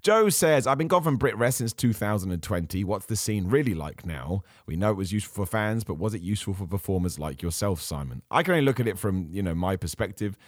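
A man hosting a casual podcast, reading out viewer questions and answering them with chatty enthusiasm while his voice turns hoarse. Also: fairly low pitch, animated, quick pace, few pauses, dry recording, studio quality. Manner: enthusiastic, chatty, frequent fillers and restarts. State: losing his voice. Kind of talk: casual chat.

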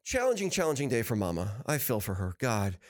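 A man hosting a podcast, telling personal stories in a casual, animated and upbeat way, often laughing as he talks. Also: medium pitch, fairly quick. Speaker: podcast host. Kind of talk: casual storytelling chat.

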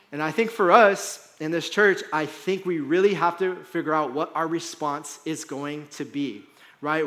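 A man with a fairly high-pitched, fairly bright voice preaches in a church hall. As a pastor, he keeps his sermon conversational, regularly checking in with "right?" and "like."

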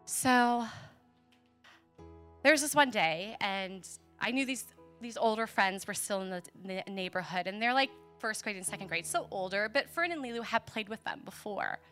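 A woman's voice: medium pitch, expressive, normal speed, a bit bright, soft background music. A woman in her thirties preaching a sermon through a personal story, speaking earnestly and candidly, often laughing.

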